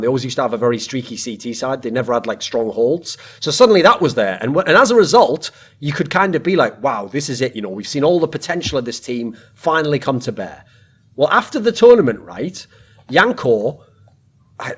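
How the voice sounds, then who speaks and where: A male podcast host talks through his analysis in a husky voice, and his pitch swings widely with enthusiasm. He rambles in loose, casual chat. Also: a bit bright.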